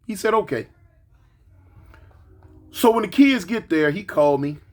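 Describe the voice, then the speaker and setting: A man's voice: high-pitched, a little slow. A man in his forties, a grandfather, telling a story in a casual monologue and acting out the quotes. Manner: animated, acts out quotes, repeats words.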